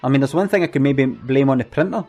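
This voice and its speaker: A man's voice: mid-range voice, fast talker, mellow, faint music behind, natural voice. A man voicing an anxious, flustered male event organiser who stammers and repeats his words in an earnest, apologetic way. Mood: rueful. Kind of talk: comic monologue.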